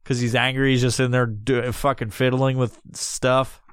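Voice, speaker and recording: A man's voice: mid-range voice, little pitch movement, normal speed, clear, resonant tone, dry recording, studio quality. A man hosting a solo podcast, rambling loosely and swearing constantly as he jokes his way through a history talk. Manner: profane, rambling, loose and jokey. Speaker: podcast host. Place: recording alone.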